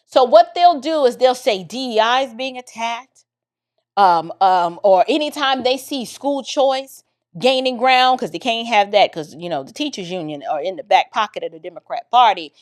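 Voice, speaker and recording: A woman's voice: fairly high pitch, expressive, moderate pace. A young adult woman giving a political commentary monologue, emphatic and repetitive, with a preacher-like cadence.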